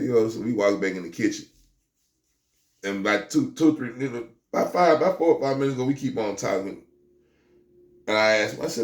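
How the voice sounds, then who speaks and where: A low-voiced man spins a street tale in loose slang, stumbling over his first words and then pushing on. He jumps into the voices of the people in his story. The sound bounces around an echoey room. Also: expressive, fast. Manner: stammering restarts, slangy, acts out the voices of others. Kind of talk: casual first-person storytelling.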